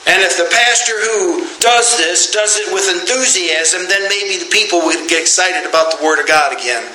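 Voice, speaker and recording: A middle-aged pastor preaching a sermon in a church, tired, with a folksy, joking manner. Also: male voice, high-pitched, moderate pace, pushed and bright, roomy sound, poor audio. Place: church sanctuary.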